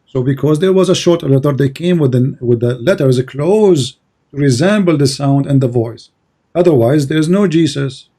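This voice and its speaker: A man's voice: mid-range voice, moderate pace, mellow. A man whose first language is Arabic, insistent and lecturing in a heated debate, often repeating his words. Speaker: debate host.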